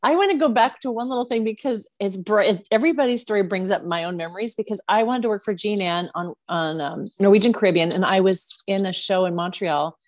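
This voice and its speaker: A woman hosts a relaxed conversation and tells her own stories in a lively, chatty way, with a mid-range pitch. Her voice is recorded close and dry, with no room sound. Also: fast, few pauses, no echo. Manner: lively and chatty, laughs along. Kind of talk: casual chat.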